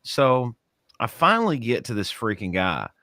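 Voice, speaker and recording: A middle-aged man co-hosting a casual chat show, telling stories in an animated way and mimicking other people's voices. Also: mid-range voice, moderate pace, no echo, clean studio sound. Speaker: podcast co-host.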